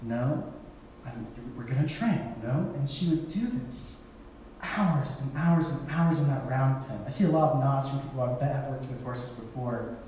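A man's voice: medium pitch, normal speed, warm tone, a little hiss or hum. A man giving a sermon in a casual storytelling way, acting out the people he quotes in playful voices. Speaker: pastor. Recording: echoey hall, from far off.

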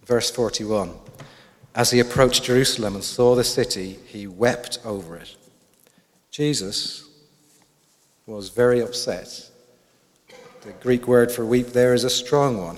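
A man preaching in a reverberant hall. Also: mid-range voice. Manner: reflective, asks the congregation questions. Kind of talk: sermon.

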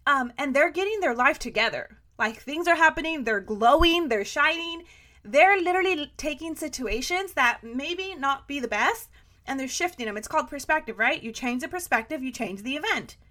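A woman's voice: sits high, expressive, moderate pace, pushed and bright. A young adult woman hosting a podcast, giving an emphatic motivational pep talk full of rhetorical questions. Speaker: podcast host.

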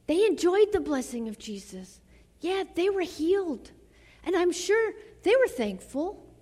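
A woman preaching a sermon to a church. She delivers it dramatically, dropping to soft near-whispers and then rising to fervent exclamations. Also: very high-pitched, big pitch swings, a little slow. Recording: long reverb of a large hall.

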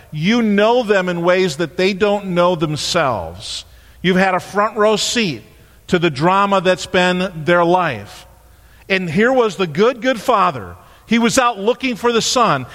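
Animated preacher man in a reverberant hall. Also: sits high. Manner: animated storytelling, acting out voices. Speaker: pastor. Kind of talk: sermon. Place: church sanctuary.

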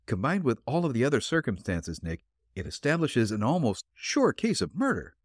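A man's voice: medium pitch, huge pitch swings, normal speed, no room sound, clean studio sound, pitched above the performer's own voice. A man voicing an eager, puzzled sidekick detective. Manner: questioning, easily surprised. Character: eager, puzzled young male detective assistant.

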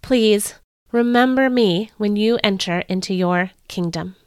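A woman's voice: medium pitch, measured pace, smooth, no room sound, clean studio sound, close to an everyday voice. A woman voicing a dying male thief who pleads desperately, in a devotional storybook reading. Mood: pleading. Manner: pleading, out of breath.

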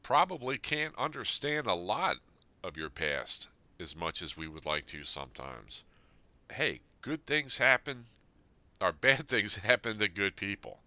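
Man in his fifties with a low voice and a hard, forceful edge. He is earnest and plain-spoken, reading a letter aloud and then reflecting on it. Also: big pitch swings, a little slow, no echo. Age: 50s. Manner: earnest, plain-spoken, speaking straight to his late father. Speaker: Army veteran sharing a personal letter.

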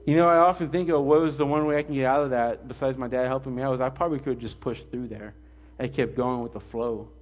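A man preaching a sermon in a conversational way, mixing scripture with an animated personal story. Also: medium pitch, fast. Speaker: pastor.

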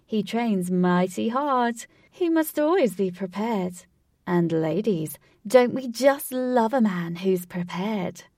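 A woman's voice: medium pitch, expressive, takes it slowly, mellow, no echo, studio quality. A woman voicing an eccentric, flamboyant male showman who announces theatrically to a crowd.

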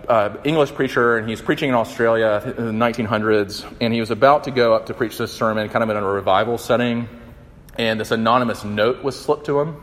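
A young man giving a conversational, animated sermon, acting out the quotes. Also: mid-range voice, a little fast. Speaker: campus minister. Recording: long hall reverb.

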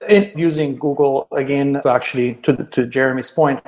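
A man's voice: mid-range voice, fairly even intonation, normal speed, darkish tone. A man reflects on product names in a casual panel discussion and hedges his views as he goes. His voice echoes around a roomy space.

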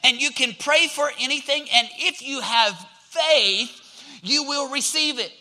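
A man's voice: very high-pitched, measured pace, sharp tone, low-quality recording. A male pastor preaching a sermon with energy, drawing the congregation in with call-and-response prompts.

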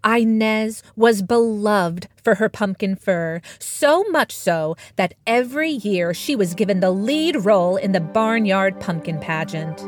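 A woman narrating her own children's storybook in an expressive way, slipping into character voices now and then. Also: lowish voice, unhurried, hardly any pauses, dry recording, studio quality. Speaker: author and narrator. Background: background music.

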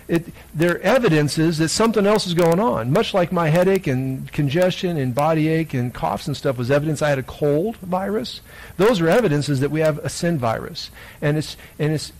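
A man with a somewhat high voice leads a children's sermon in church. He reads the gospel, then turns playful and keeps putting questions to the young listeners. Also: darkish tone, rough recording. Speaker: pastor.

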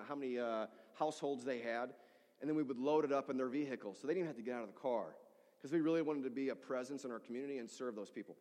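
Animated pastor preaching in a reverberant hall. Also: male voice, mid-range voice. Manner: animated storytelling, acting out voices of people in his story. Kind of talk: sermon.

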